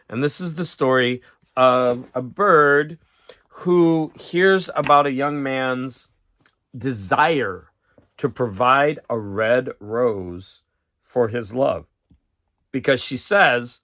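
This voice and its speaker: A man's voice: medium pitch, a bit bright, no echo, clean studio sound. Rambling man chatting about books. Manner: rambling, self-interrupting, chuckling. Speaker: channel host. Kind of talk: casual rambling book chat.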